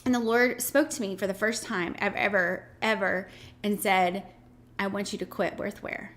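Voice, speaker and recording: A woman's voice: medium pitch, fairly even intonation, a bit bright. A woman hosting a podcast, chatting casually with her guest and asking questions packed with fillers. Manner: chatty, filler-heavy, quick questions with many "like"s. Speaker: podcast host. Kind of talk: casual interview chat.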